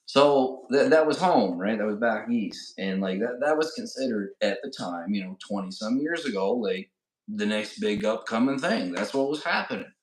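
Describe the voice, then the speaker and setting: A man's voice: lowish voice, animated, normal speed. A middle-aged man co-hosting a podcast, telling a casual story and often checking in with "right?" and "you know". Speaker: podcast co-host. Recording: roomy echo.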